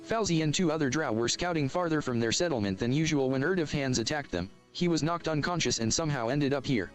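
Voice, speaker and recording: A man reading tabletop adventure text aloud at a steady, even pace. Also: on the high side, fast talker, soft background music.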